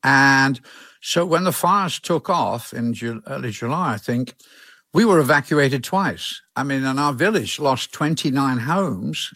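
A man in his eighties, an author being interviewed, talking in a relaxed, meandering way with chuckles and frequent restarts. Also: mid-range voice, dry recording. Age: 80s. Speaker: author guest.

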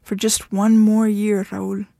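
A woman's voice: medium pitch, flat delivery, slow, vocal fry, warm tone, dry recording, clean studio sound. A woman voicing a tough, blunt woman who is fed up with her husband and speaks firmly. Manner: blunt, firm, impatient.

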